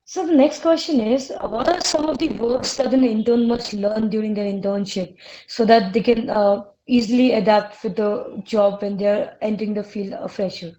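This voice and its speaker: A woman's voice: medium pitch, fairly even intonation, moderate pace, warm tone. A woman moderating a webinar, politely asking questions with some hesitation over a video call. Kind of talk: reading interview questions. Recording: dull online call audio.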